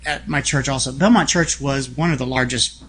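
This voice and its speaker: A man telling stories as a guest on an interview podcast, feisty and frank with a quick sense of humor. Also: mid-range voice, fairly bright tone, husky. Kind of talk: casual storytelling conversation.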